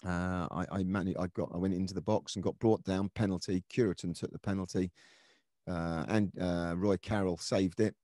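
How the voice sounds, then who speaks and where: A man's voice: deep voice, fairly even intonation, normal speed, dark tone, no echo, studio quality. A middle-aged man, a former footballer, telling his career story in an earnest, reflective way with many restarts. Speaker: former footballer, podcast guest. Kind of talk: conversational storytelling interview.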